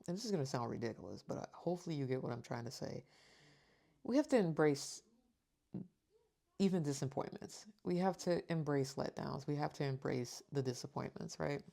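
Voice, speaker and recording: Reading tarot for her viewers, a woman speaks fairly quickly in a low, gravelly, warm voice full of animation. She reads the card descriptions aloud in an earnest, emotional way and keeps repeating reassurances.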